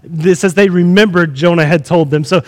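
A man preaching a sermon in an animated way, acting out the scenes he tells. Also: a little high, normal speed, big-room sound.

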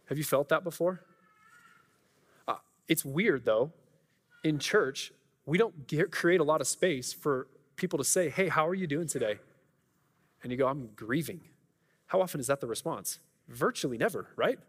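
A man's voice: on the high side, lively intonation, normal speed, slightly rough. Earnest male pastor in a reverberant hall. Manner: conversational, earnest, many restarts and asides. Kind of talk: sermon. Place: church auditorium.

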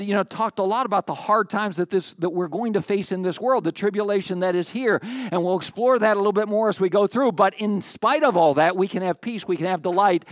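A male pastor preaching to his church, his voice sitting a little high for a man. He keeps it lively and playful, tossing trivia questions to the congregation. The sound is close and dry, with little room echo. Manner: lively, joking with the congregation, asks quiz questions. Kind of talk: sermon. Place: church sanctuary.

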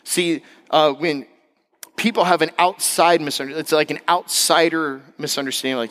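A middle-aged male pastor preaching a sermon, animated, acting out other people's voices and jumping high in pitch when excited. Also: moderate pace.

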